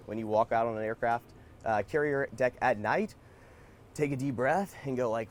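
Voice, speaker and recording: A man, a Navy sailor, giving interview answers in a rapid, intense way. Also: medium pitch, slight background noise.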